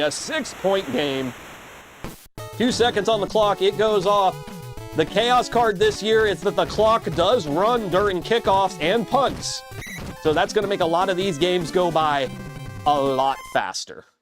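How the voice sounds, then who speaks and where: A man calls play-by-play for a video game football match in a high, very lively voice that jumps up into shouts on big plays. His delivery is comedic and crude, full of quick jokes. Music plays clearly in the background. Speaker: play-by-play commentator.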